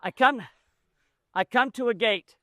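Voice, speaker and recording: A man's voice: very high voice, a little slow, pushed and bright, no echo, clean studio sound. A man running a hands-on mule training demonstration outdoors, explaining in a folksy, plainspoken way as he works. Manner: folksy, explains as he works, drawling rural grammar.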